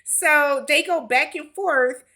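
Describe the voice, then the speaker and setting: A woman's voice: sits high, takes it slowly, pushed and bright. A woman giving a blunt, exasperated, profane recap of a reality show in casual talk.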